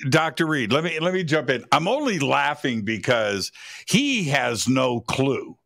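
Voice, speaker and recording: Slow, gravelly-voiced male interview host. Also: medium pitch, sing-song, a bit bright. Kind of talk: radio interview.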